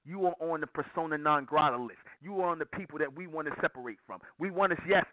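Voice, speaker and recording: A man's voice: fairly high pitch, quick pace, no echo. A man giving an impassioned, preaching monologue to his listeners, repeating phrases over and over with heavy emphasis. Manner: repetitive, hammering, emphatic with restarts. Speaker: broadcaster addressing listeners. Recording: dry, tinny phone-like sound.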